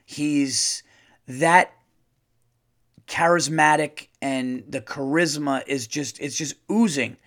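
A man hosting his own podcast as a comedian, talking in a casual monologue, profane and animated, rambling with restarts. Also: on the high side, slow.

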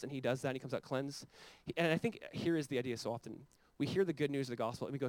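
A man's voice: mid-range voice, quick pace, few pauses, no echo. A man preaching a sermon as pastor, talking conversationally and building to fervent emphasis.

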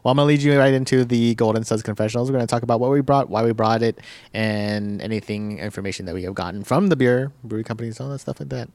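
A man's voice: medium pitch, quick pace, a little mellow, no echo. A man co-hosting a casual beer podcast, explaining things hesitantly with many fillers. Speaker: podcast co-host. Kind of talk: casual chat.

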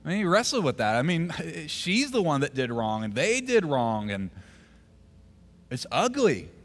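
A man, preaching a sermon as the pastor. He tells a story, drops almost to a whisper at tender moments, and grows forceful when he urges the congregation. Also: a little high, big pitch swings, measured pace.

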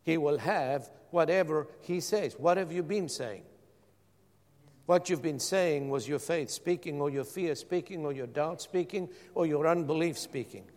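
A man's voice: on the high side, measured pace, a little mellow. A man preaching a sermon as pastor, calling out questions to his congregation. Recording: long hall reverb.

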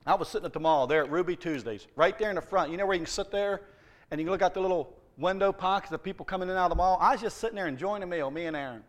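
A middle-aged man preaching a sermon as pastor, telling stories with humour and lively emphasis. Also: high-pitched, rapid-fire. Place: church.

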